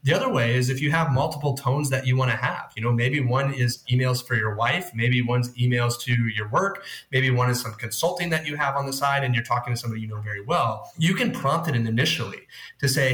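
A man guest on a podcast, walking the listener through ideas with everyday comparisons. His voice sits at a middle pitch. The room around him gives it a noticeable echo. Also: fairly quick, few pauses, a bit bright. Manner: explanatory, leans on food analogies. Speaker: guest expert on workplace tech. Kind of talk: podcast interview.

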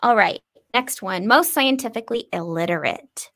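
A woman's voice: medium pitch, animated, moderate pace, fairly bright tone. Chatty female podcast co-host, easy laughter, casual read-through. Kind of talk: casual chat.

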